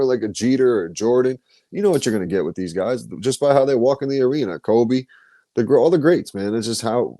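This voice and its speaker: A man's voice: medium pitch, dark tone, no room sound. A man from New hosting a podcast, bantering in a loose, slangy, enthusiastic way. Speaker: podcast host. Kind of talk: casual interview chat. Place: podcast studio.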